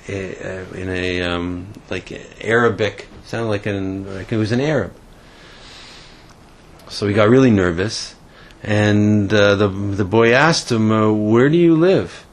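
A man giving a casual Torah lesson, telling a story in a halting way with many fillers and restarts. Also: on the low side. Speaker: Torah teacher.

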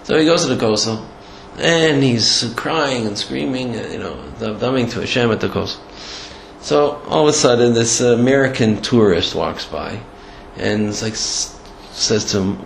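A man giving a storytelling Torah lecture in a halting way, with many restarts and Hebrew and Yiddish terms. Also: mid-range voice, animated, vocal fry. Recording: echoey room, faint background noise.

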